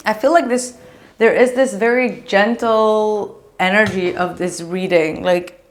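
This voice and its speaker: A woman's voice: mid-range voice, steady tone, a little slow. A woman giving a casual tarot reading, chatty and gushing, with many fillers. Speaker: tarot reader.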